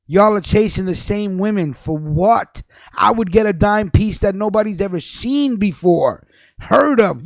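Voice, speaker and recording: A man's voice: lively intonation, measured pace, vocal fry, no echo. Profane ranting man, dry close sound. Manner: angry, profane, repeats himself, swings between low mutters and loud outbursts. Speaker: livestream host.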